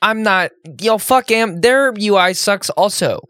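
A man's voice: sits high, measured pace, a bit bright, no room sound, studio quality. A man co-hosting a podcast in casual chat, laid-back and joking. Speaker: podcast co-host.

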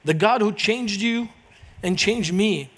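A middle-aged man from Lebanon, preaching in a lively storytelling manner as a guest speaker. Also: sits high, slow pace. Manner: animated, acts out quoted voices in anecdotes. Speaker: guest speaker, Christian minister. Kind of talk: storytelling sermon.

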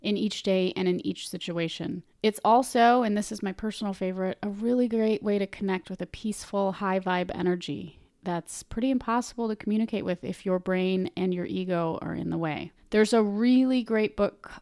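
Woman, casual earnest explainer, chatty with restarts, mid pitch, dry close sound. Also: normal speed, few pauses, darkish tone, no room sound. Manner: earnest, chatty, frequent restarts and repeated words. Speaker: meditation vlogger.

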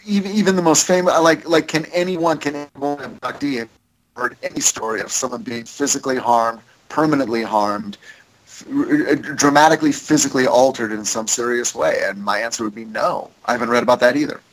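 A man in a casual podcast chat who tells stories in a rambling, animated way with many fillers. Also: medium pitch, a little fast, rough recording.

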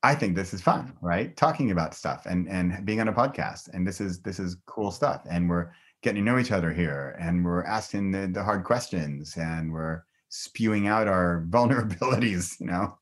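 Upbeat middle-aged man on a podcast, with a fairly low voice that jumps up in his excited, laughing moments. He chats casually and openly as a guest. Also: normal speed, few pauses. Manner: enthusiastic, upbeat, laughs often. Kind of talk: casual conversation.

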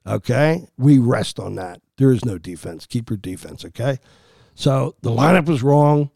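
A man's voice: medium pitch, animated, unhurried, vocal fry, dark tone, dry recording, studio quality. A man hosting a sports podcast, arguing his opinions in a heated, emphatic way.

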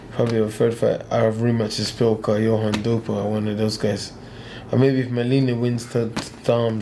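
An English professional boxer talks bluntly in an interview, getting heated and repeating himself. His voice is on the low side and warm, with slight background noise.

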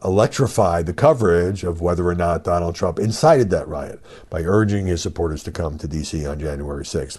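This older male podcast host and media commentator has a low-sitting voice with a dark tone. Alone on his show, he offers conversational commentary, using fillers and firing off emphatic rhetorical questions.

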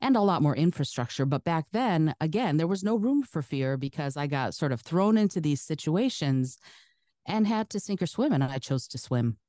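A woman from the Soviet Union, native Russian speaker, speaking broadcast-style American English as an interview guest, chatty and animated, laughing often. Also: low voice, moderate pace, no room sound, studio quality. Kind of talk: casual interview storytelling.

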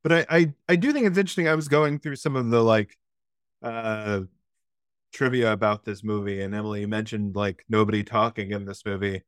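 A man in a podcast discussion picks apart a film's characters in an analytical, critical way, often restarting his sentences. His voice has a middle pitch for a man. The sound is dry and close. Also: fairly even intonation, fairly quick, no room sound. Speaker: podcast co-host. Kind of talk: casual movie discussion.

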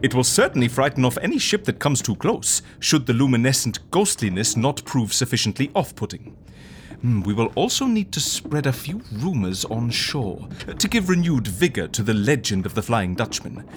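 A man playing a pompous, genteel gentleman. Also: medium pitch, sing-song, normal speed, a little hiss or hum, natural voice. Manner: pompous, genteel, murmurs while eating. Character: fussy, refined gentleman plotting with pirates. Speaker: interviewer.

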